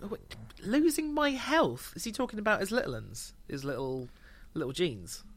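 A man's voice: sits high, very animated, moderate pace, a bit bright. A man on a podcast, casually chatting about an album with dry, sweary humour and laughter. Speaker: podcast co-host. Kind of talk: casual chat reviewing an album.

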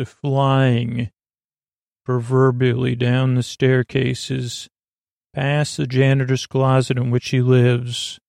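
Man, bedtime story narrator, slow and meandering, gravelly voice, dry close sound. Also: medium pitch, completely flat delivery, darkish tone, no room sound. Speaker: podcast host, storyteller.

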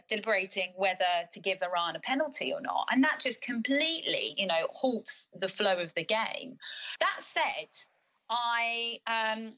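A woman chats about football with a bright, forceful tone. She tells her stories with animation, acting out how she shouted at the screen. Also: medium pitch, rough recording. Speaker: co-host discussing football. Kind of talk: casual chat.

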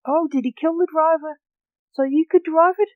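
A woman voicing a stern, sensible gentleman in a storybook reading, questioning and blunt. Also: high voice, steady tone, moderate pace, no room sound, phone-quality sound, pitched above the performer's own voice, lightly acted.

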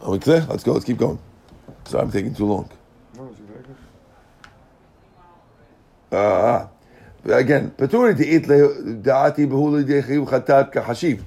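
A man's voice: medium pitch, normal speed, long pauses, dark tone. A man teaching a casual Talmud class, mixing Hebrew and Aramaic terms into English and often checking that listeners follow. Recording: class recording.

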